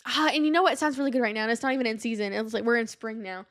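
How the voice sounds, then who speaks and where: A bubbly young woman chatting on her own podcast from home. Her voice sits a little high and leaps up and down as she giggles and hops between topics. The talk is loose and casual. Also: steady tone, racing, slight background noise. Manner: bubbly and giggly, jumps between topics, big pitch swings. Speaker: podcast host. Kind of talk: casual solo podcast chat. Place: home room.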